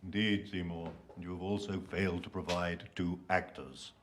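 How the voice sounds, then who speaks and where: An actor playing a dry, exacting Victorian director. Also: male voice, deep voice, little pitch movement, moderate pace, roomy sound, slight background noise, lightly acted. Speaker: stage director rehearsing actors. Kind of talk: period film acting.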